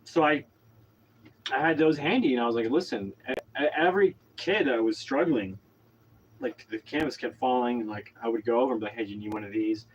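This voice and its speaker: A man's voice: medium pitch, brisk, lo-fi sound, slight background noise. A man from Oklahoma telling a long story in a casual monologue, rambling with lots of fillers and restarts. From Oklahoma, USA. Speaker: vlogger.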